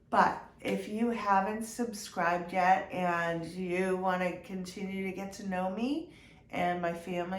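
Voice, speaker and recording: A woman giving a heartfelt personal update to her viewers, congested from a cold, talking slowly with many ums and restarts. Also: on the low side, creaky. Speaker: vlogger. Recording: echoey room with faint noise.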